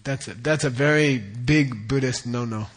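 A middle-aged man gives a dharma teaching in a relaxed, explanatory way. He repeats key words and keeps checking that listeners follow. His voice sits at an average pitch for a man. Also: slightly rough. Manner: explains terms slowly, repeats words, asks "okay?". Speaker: Buddhist teacher.

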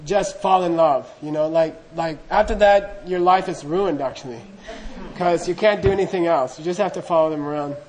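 Chatty male storyteller with a high voice. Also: normal speed, a little mellow, rough recording. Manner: chatty, full of "you know" asides, laughing. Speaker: dharma teacher. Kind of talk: storytelling talk.

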